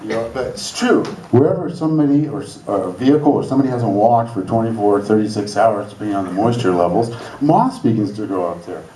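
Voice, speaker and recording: A man's voice: fairly low pitch, lively intonation, fast talker, hardly any pauses, mellow, slight background noise. A man doing loose, rambling stand-up comedy on an open stage, with a laid-back, jokey delivery. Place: school hall open stage before a laughing crowd. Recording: roomy hall, mic set far off. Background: audience laughter.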